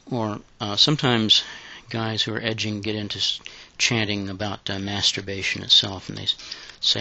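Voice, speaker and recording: Gravelly, breathy man with a flat voice. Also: fairly low pitch. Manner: breathy, halting, unhurried delivery. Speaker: guide. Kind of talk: intimate guided audio instruction. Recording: dull lo-fi recording.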